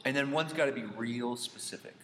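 A man's voice: mid-range voice, steady tone, fairly quick, a bit bright, slight background noise. A man co-hosting a podcast, chatting casually in an upbeat, friendly way. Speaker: podcast co-host. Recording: echoey room with long reverb, faint ambience.

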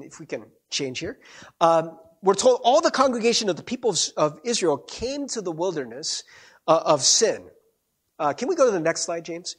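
A man's voice: high-pitched, breathy edge. A man preaching a sermon, telling a story with lots of energy, frequent restarts and a repeated "right?". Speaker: pastor.

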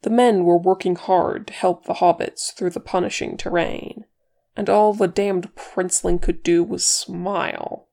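A woman with a fairly low, creaky voice reads a chapter of fan fiction as an audiobook narrator. Her delivery is measured and expressive.

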